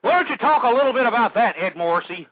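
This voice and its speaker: A fairly high-voiced man delivers an indignant talk radio rant, firing off rhetorical questions and hurling insults at his targets. The sound is close and dry, with the muffled, lo-fi quality of an old internet radio stream. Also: animated, fast, no room sound. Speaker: call-in radio talk show host. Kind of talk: angry ranting talk radio monologue. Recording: dull lo-fi internet radio audio.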